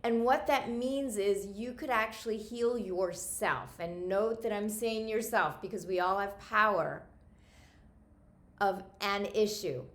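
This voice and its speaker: A woman guiding a self-help talk as a coach, gentle and encouraging, often repeating phrases for emphasis. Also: medium pitch. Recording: echoey room.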